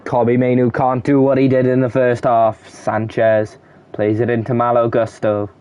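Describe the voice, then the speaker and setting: A man's voice: medium pitch, monotone, moderate pace, clear, resonant tone, dry recording, muffled recording. A young man giving casual play-by-play commentary on a football video game, reading off player names in short bursts. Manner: calls player names in short bursts, shouts at goals and chances.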